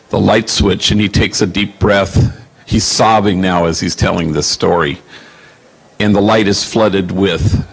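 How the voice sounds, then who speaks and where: A man in his sixties, a Jesuit priest answering audience questions, telling stories in a reflective, halting way with many fillers. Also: on the low side. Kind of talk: Q&A storytelling.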